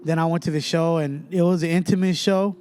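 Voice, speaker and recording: A young man from Fresno tells a story in a loose podcast chat. His voice sits a little high and comes through smooth and clear. He slips into the voices of the people in the story as he goes. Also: brisk, no echo. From Fresno, California. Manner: animated storyteller who acts out other people's voices. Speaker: rapper guest.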